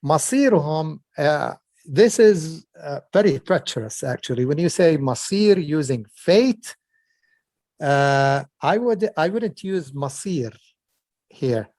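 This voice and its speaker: An interpreter talks slowly and carefully, with a lot of "uh"s. His voice sits a little high for a man. The recording is dry and close, with no room sound. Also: lively intonation, a little mellow, no room sound. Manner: measured, hesitant, many fillers. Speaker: interpreter discussing Arabic text. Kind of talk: conversational language breakdown.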